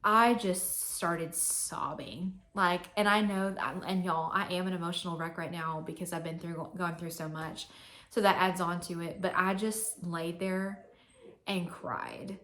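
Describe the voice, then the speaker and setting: A woman's voice: on the low side, fairly even intonation, a little slow, fairly bright tone. A young woman vlogging to camera, telling a personal story in a chatty, candid way with many fillers.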